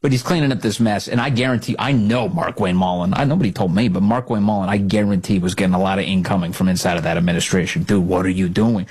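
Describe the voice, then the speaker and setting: A man's voice: fairly low pitch, fast talker, hardly any pauses, darkish tone, slightly rough. A man hosting a talk radio show, giving opinionated, sarcastic commentary and mocking others in put-on voices.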